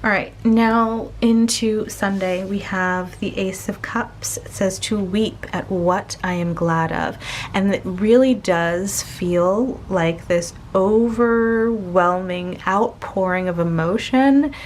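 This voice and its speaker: Slow, gentle-voiced woman reading tarot. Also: mid-range voice, slight background noise. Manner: slow, gentle, searching, with many pauses and restarts. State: tearful, emotional. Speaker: tarot reader. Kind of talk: casual spoken tarot reading.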